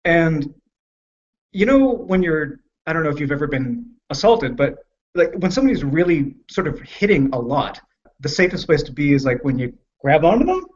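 A man's voice: on the high side, big pitch swings, slight background noise. A man telling a painful personal story frankly and candidly, swearing freely and often stopping and restarting as he talks. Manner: frank, profane, halting and emotional. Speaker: podcast guest. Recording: muffled lo-fi podcast audio.

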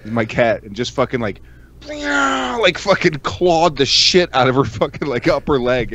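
A man's voice: fairly high pitch, big pitch swings, normal speed, fairly bright tone. A man co-hosting a podcast in casual chat, swearing often and laughing through his stories. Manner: profane, laughing storyteller. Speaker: podcast co-host. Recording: dull lo-fi mic.

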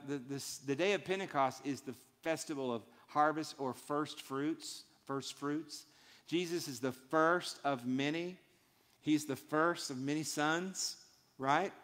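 A man's voice: on the high side, a bit bright. A man preaching a sermon in a church, emphatic and built on short repeated phrases. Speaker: pastor. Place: church sanctuary. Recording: long hall reverb.

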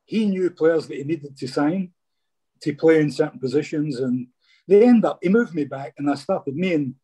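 A man's voice: fairly high pitch, expressive, moderate pace, warm tone, husky. A Scottish former footballer, a man, chatting casually in an interview and telling rambling stories, often saying "mate". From Scotland.

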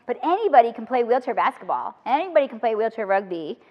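Woman speaker, high voice, humorous and animated; long hall reverb, dull audio. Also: fast talker. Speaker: motivational speaker. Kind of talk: lively talk to student teachers.

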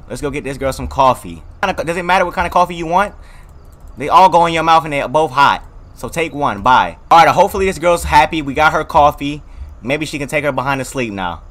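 A man giving let's play commentary on a horror game, loud and jumpy, joking through his reactions in heavy slang. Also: a little high, expressive, fast talker. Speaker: gaming video creator.

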